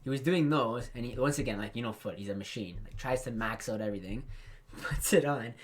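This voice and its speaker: A man's voice: medium pitch, a little fast. A young man in casual podcast chat, spinning long, crude stories full of filler words. He keeps breaking into laughter as he tells them. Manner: rambling, profane storyteller who laughs through his own stories. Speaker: podcast co-host.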